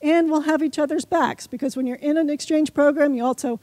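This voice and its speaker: Woman speaker, high bright-pitched voice, chatty, talking straight to the crowd, dry close sound. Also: fairly even intonation, fairly quick, no echo. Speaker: conference speaker. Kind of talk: short timed conference talk leading an audience exercise. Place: conference stage before a live audience.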